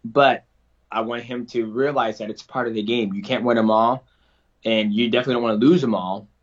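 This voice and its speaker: A man's voice: mid-range voice, fairly even intonation, a little fast, highs cut off. A man answering interview questions in a casual, earnest way, often restarting his sentences. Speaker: interview guest, fighter.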